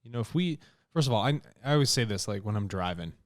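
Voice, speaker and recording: A man's voice: lowish voice, lively intonation, quick pace, no room sound, studio quality. A man co-hosting a podcast in casual chat, talking loosely with many fillers. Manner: laughs easily, loose and conversational with many fillers. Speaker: podcast co-host.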